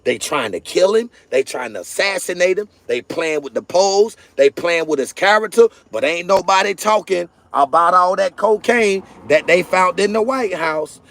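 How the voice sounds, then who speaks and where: A high-pitched man rants at his viewers in a repetitive, emphatic, preaching cadence. He talks into a phone camera while sitting in and stepping out of his car. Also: animated, normal speed, hardly any pauses, fairly bright tone, no room sound. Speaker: political vlogger. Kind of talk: preachy political rant to viewers. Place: in a car, then stepping outside.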